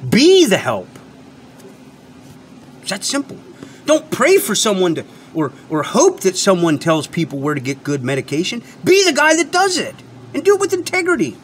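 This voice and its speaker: High-voiced man ranting with swinging pitch. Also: huge pitch swings, normal speed, slight background noise. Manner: emphatic, repetitive, lecturing, swears freely. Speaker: channel host and product reviewer. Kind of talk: unscripted ranting monologue.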